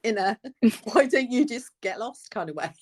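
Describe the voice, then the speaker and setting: Nurse co-host, animated storyteller. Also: female voice, on the high side, moderate pace, slightly rough. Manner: animated storyteller, acts out quoted phrases. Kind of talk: casual advice chat.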